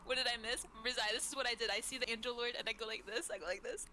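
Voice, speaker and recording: A woman's voice: fairly high pitch, fairly even intonation, very fast, sharp tone, a little hiss or hum, poor audio. A woman playing a comic tabletop role-play game on a stream, chatting with giggly, self-mocking banter. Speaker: player.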